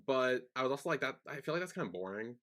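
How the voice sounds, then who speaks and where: A man's voice: medium pitch, fast. A young man chats casually as a podcast co-host, rambling through his points with plenty of fillers and restarts. His voice rises and falls a lot as he talks. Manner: rambling, filler-heavy, animated. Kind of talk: casual chat.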